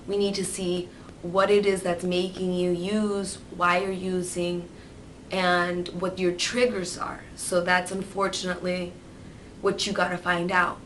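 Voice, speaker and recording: A woman vlogging candidly, rambling and swearing freely, turning lively when she mimics others. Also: fairly low pitch, measured pace, a little hiss or hum, rough recording. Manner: animated, mimics voices in quotes. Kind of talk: candid personal vlog.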